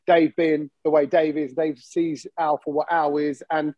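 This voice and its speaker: A man hosting a podcast in casual chat, animated and acting out the voices of people he quotes. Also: fairly high pitch, unhurried, no room sound, muffled recording. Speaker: podcast host.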